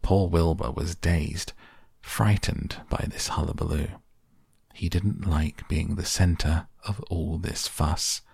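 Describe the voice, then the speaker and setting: A man reading a children's book aloud in calm audiobook narration for sleep, slow, soft and even. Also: sits low, creaky, husky, no room sound, clean studio sound. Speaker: podcast reader.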